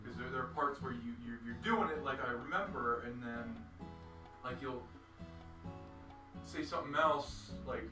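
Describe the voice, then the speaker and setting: A man's voice: mid-range voice, moderate pace, pauses often, over music. A man co-hosting a let's play in casual chat, hesitant and repeating words while he searches for what to say. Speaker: co-host.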